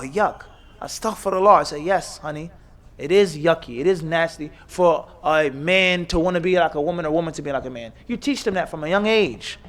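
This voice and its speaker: A man with a somewhat high-pitched voice delivers a sermon at an Islamic center. He lectures emphatically, stacking instructions in lists and pressing his points with rhetorical questions. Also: fairly bright tone. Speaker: imam. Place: mosque or Islamic center hall.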